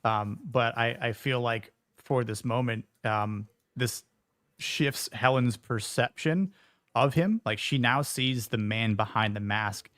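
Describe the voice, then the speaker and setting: A man hosting a podcast speaks at an ordinary middle pitch and keeps stopping to restart his thoughts. His voice sits close and dry on the mic, with no room around it. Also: slow pace, fairly bright tone, dry recording. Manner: hesitant, many fillers and restarts. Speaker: podcast host. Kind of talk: casual discussion.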